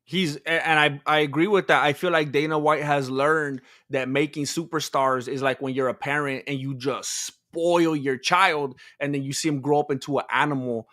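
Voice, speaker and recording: Male podcast co-host, bright and forceful voice, dry close sound, opinionated rambler. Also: a little high, steady tone, moderate pace, hardly any pauses, dry recording. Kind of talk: casual chat.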